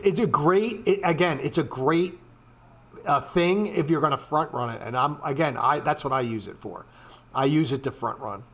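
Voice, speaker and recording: A man with a fairly high, slightly bright voice hosts a casual screen-share walkthrough of trading charts. He rants profanely, swearing a lot and filling in with filler words.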